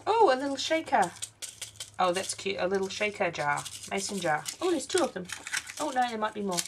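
Woman, craft unboxing vlog, gravelly fry in the voice, faint background hiss, tired, chatty. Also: medium pitch, sing-song, brisk. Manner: chatty, exclaiming over each item. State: tired, yawning. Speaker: craft vlogger.

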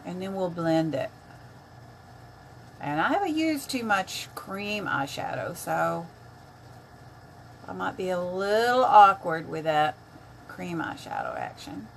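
A woman's voice: on the low side, lively intonation, takes it slowly, creaky, pauses often, a little hiss or hum. An older woman chatting casually on a makeup live stream, greeting viewers by name as she works.

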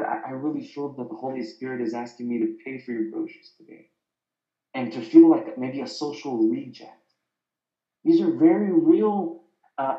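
A man giving an inspirational Christian talk, telling stories with lively, animated voiced quotes. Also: on the high side. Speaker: speaker. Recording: roomy muffled sound.

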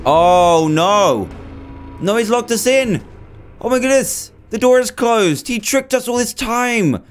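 A young man commentating on gameplay in a high, animated voice. He gasps and exclaims constantly, and soft music plays in the background. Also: takes it slowly. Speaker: gaming youtuber.

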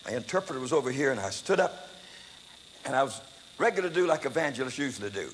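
An older man preaching a testimony sermon, telling his story in an animated, dramatic way that breaks into loud exclamations. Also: medium pitch, quick pace. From United States. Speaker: evangelist preacher. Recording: echoey hall, faint background noise.

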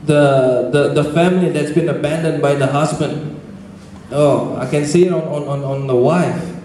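Indonesian-accented male preacher, high voice, halting storyteller; booming church echo. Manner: animated storytelling with frequent restarts. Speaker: pastor. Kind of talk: sermon. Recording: very echoey church with faint noise.

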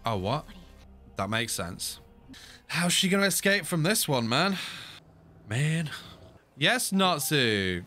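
Young man, excitable reaction host, bright tone, slow delivery. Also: a little high, faint music behind. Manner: excitable, frequent laughter and "mate". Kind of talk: casual reaction commentary.

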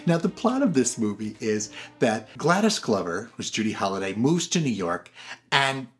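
A man's voice: mid-range voice, normal speed, soft background music. A man hosting a casual film review who acts out the characters' lines as he recounts the plot. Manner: animated, acts out quotes. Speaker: movie reviewer host.

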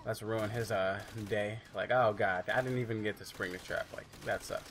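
A man's voice: medium pitch, moderate pace, hardly any pauses, a bit bright, a little hiss or hum. A man casually commentating his own video game playthrough, rambling and joking with plenty of loose asides. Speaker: gameplay commentator. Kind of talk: casual let's-play commentary.

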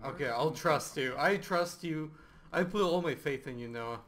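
Joking young man, slightly high voice. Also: normal speed, a bit bright. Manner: joking, laughs often. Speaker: co-player. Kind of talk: casual gaming chat.

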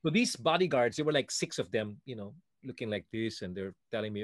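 Man telling lively stories, dry sound. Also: medium pitch, fast talker, few pauses, no echo. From Philippines. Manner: lively, acts out what others said. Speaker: guest singer. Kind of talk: animated storytelling.

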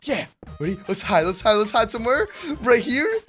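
A man's voice: very high-pitched, sing-song, moderate pace, fairly bright tone, faint music behind. A man hosting Minecraft gameplay commentary, hyped and slangy, talking straight to his viewers. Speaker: gaming YouTuber.

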